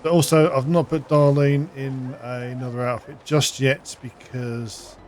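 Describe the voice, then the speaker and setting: A man's voice: medium pitch, level tone, a little slow, darkish tone, a little hiss or hum. A man giving casual, chatty gameplay commentary, thinking aloud as he plays. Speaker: gaming channel host.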